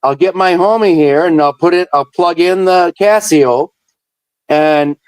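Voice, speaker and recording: A man's voice: sits high, a little slow, smooth, no echo, rough recording. A man from Wisconsin, blunt and defensive in casual comedy banter.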